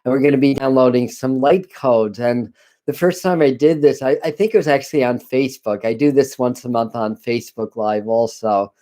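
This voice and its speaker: A man hosting a spiritual channeling live stream from a dim room at home, talking casually in halting phrases with frequent restarts. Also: medium pitch, steady tone. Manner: halting, many restarts and apologies, soft laughs. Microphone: computer camera live stream.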